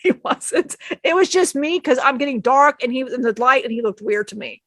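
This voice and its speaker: A woman's voice: high voice, lively intonation, brisk, a bit bright, dry recording. A woman channeling a spirit, telling an emotional personal story in a rambling way, often acting out what others said and laughing.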